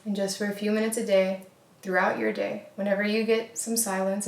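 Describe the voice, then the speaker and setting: A woman's voice: medium pitch, flat delivery, brisk, creaky, a little mellow. A woman hosting a casual motivational wellness talk, speaking earnestly with frequent fillers and repeated phrases. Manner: earnest, repetitive, filler-heavy. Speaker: wellness host. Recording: echoey room.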